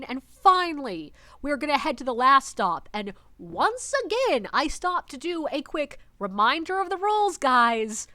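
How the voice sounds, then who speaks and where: A woman who works as a ghost tour guide, telling a story casually with animated exasperation and swearing. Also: sits high, moderate pace, hardly any pauses, no room sound.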